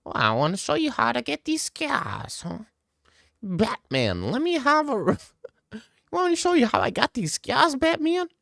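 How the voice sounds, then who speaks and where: A man doing a high, exaggerated impression of a menacing male villain clown. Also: huge pitch swings, unhurried, creaky, fairly bright tone, no room sound, clean studio sound, exaggerated voice. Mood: manic.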